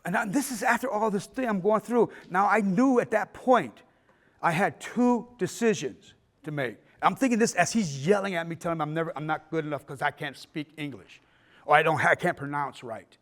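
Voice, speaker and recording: An older man tells stories from his filmmaking life in a loose, animated way, swearing freely and acting out the people in them. His voice sits a little high for a man. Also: fairly quick. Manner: animated, profane, acts out scenes in voices. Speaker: filmmaker giving a festival talk. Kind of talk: casual storytelling talk.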